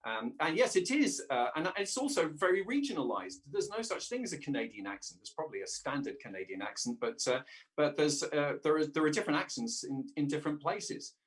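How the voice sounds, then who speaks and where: A man's voice: a little high, very animated, fairly bright tone. A man, a voice actor chatting as a guest in an interview and often restarting his sentences. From England. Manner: halting, many restarts and fillers. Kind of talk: casual interview chat.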